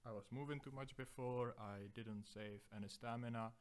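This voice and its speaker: A man's voice: medium pitch, fairly even intonation, moderate pace, clean tone. A young man hosting a solo podcast, rambling through profane, self-deprecating digressions. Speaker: podcast host.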